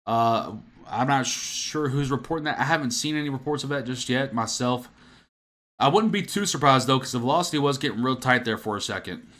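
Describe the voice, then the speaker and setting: A man's voice: mid-range voice, fairly quick, a bit bright. A man giving live storm coverage on a stream, answering viewers by name. He is out of breath and straining his voice, and he talks casually and repeats himself. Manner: casual, repeats himself, reads out chat names. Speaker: weather forecaster on a livestream.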